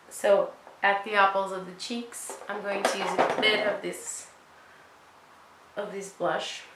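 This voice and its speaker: Doing her makeup on camera, a young woman vlogger talks in a chatty, rambling way, poking fun at herself throughout. Her mid-range voice is bright and forceful, while the poor audio sounds roomy and carries slight background noise.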